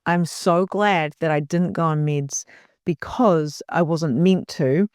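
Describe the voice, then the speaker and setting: A woman's voice: low-pitched, takes it slowly, a little mellow, clear, resonant tone, dry recording, clean studio sound. A middle-aged woman, a guest on a podcast, telling a personal story in an earnest, emotional way with frequent restarts. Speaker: podcast guest, spiritual mentor.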